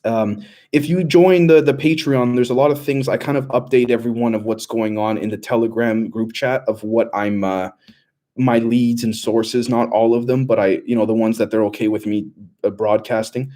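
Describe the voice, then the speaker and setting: A man's voice: mid-range voice, steady tone, moderate pace, dark tone. A young man hosting a casual livestream, reading out chat questions and answering in a loose, rambling way with many fillers.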